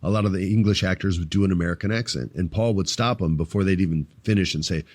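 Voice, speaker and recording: A middle-aged man hosting a casual wrestling podcast, telling stories with lively acted-out voices. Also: sits low, quick pace, dry recording. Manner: animated storyteller, acts out quoted voices. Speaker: podcast host.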